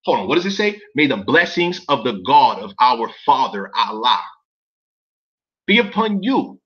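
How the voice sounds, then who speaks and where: A commentator reads documents aloud to his viewers in casual commentary, his voice a little high, bright, and edgy, very animated at a normal speed. He keeps stopping to ask viewers questions in disbelief and swears casually. The recording sounds muffled and lo-fi.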